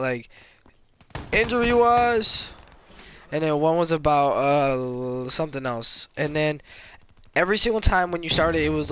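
Young male gamer, slightly higher voice, rambling casual commentary with trash talk, faint hiss behind. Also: a bit bright. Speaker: gaming YouTuber.

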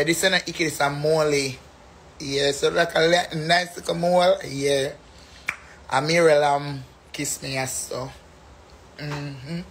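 A man's voice: a little high, a little hiss or hum. A man with a Jamaican accent chatting casually and animatedly, breaking into laughter often and singing phrases. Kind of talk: casual live chat.

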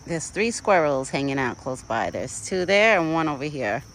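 Filming herself on a phone in a country yard, this young female vlogger chats aimlessly and baby-talks to a deer. She speaks low, with big swings in pitch, at a moderate pace. There's slight background noise, and the audio is rough.

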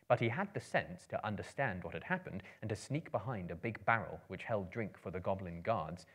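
A man giving a theatrical storybook reading to a live audience, swelling and hushing for suspense. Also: deep voice. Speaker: performer of dramatic readings. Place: live performance venue.

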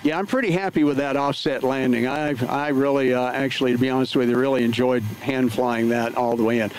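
A man's voice: medium pitch, fairly even intonation, fairly quick, slight background noise, poor audio. A man livestreaming from his home flight sim setup, talking casually through each step with lots of filler words. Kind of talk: casual live play-by-play narration.

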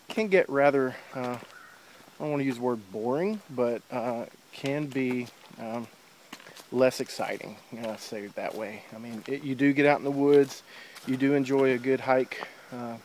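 With a medium-pitched, darkish voice and fairly even intonation, a hiker chats at a moderate pace to the camera in his hand as he follows a wooded river trail. His vlog talk wanders, heavy on uhs and ums, and he's a little short of breath. You can hear faint background noise and handling on the mic.

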